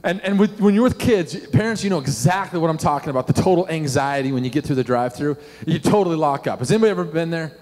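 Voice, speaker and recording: A middle-aged man, a pastor preaching a sermon and telling animated stories with questions to the congregation. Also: fairly high pitch, fast talker, hardly any pauses. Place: church sanctuary. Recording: long hall reverb.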